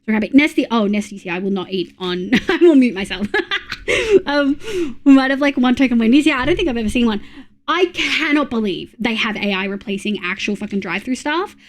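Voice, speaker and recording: A woman's voice: fairly high pitch, fast. An Australian woman in her thirties chatting casually on a live stream, blunt and sweary, reacting to chat.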